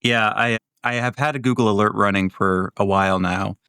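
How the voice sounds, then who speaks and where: A man's voice: lowish voice, fairly even intonation, moderate pace, sharp tone, clear, resonant tone, dry recording, studio quality. A man who grew up in Florida, co-hosting a podcast in casual chat, wry and rambling, with the odd swear. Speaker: podcast co-host.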